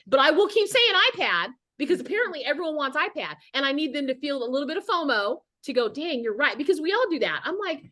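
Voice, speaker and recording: A woman's voice: high voice, big pitch swings, a little fast, a bit bright. A middle-aged woman giving a casual motivational talk on a video call as a guest speaker, chatty and rambling with many restarts.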